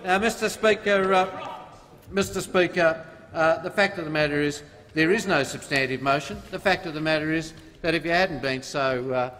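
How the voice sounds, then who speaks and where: Fiery, sarcastic Australian man with a high voice, arguing procedure in parliament, hall reverb. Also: moderate pace, a bit bright. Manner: combative, mocking, reads rules aloud. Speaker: government minister in parliament. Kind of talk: parliamentary debate speech. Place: parliament chamber.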